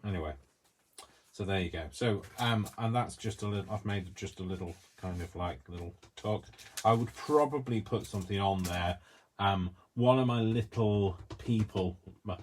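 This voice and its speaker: Low voiced guy chatting away while he crafts, rambly and self deprecating, bit of background hiss. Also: moderate pace. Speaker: craft video host. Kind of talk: casual chat while crafting.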